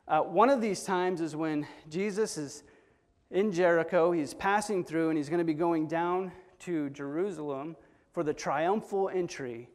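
A man's voice: fairly high pitch, unhurried, long reverb tail. A man preaching a sermon in an earnest, storytelling manner, acting out quoted voices as he goes.

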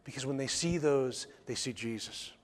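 A male pastor's mid-range voice moves at a moderate pace through a church sermon. Emphatic throughout, he keeps returning to key phrases and asking the congregation rhetorical questions.

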